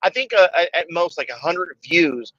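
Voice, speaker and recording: A man's voice: a little high, animated, normal speed, pushed and bright, no room sound, muffled recording. A man in casual livestream chat, ranting emphatically with lots of swearing.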